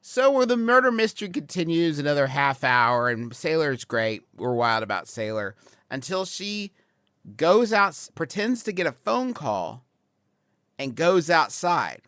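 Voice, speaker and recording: A man's voice: fairly high pitch, a little slow, smooth, no echo, clean studio sound. A man in his forties, a podcast co-host telling a rambling comic story about a family outing. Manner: rambling, builds to excited laughing. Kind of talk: comedic storytelling.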